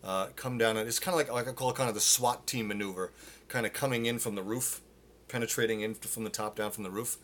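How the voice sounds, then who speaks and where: Man, vocal coach, middle-aged, bright tone, casual live-lesson delivery. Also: fairly low pitch, fairly even intonation, fast talker, a little hiss or hum. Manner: casual, explains with demonstrations and filler words.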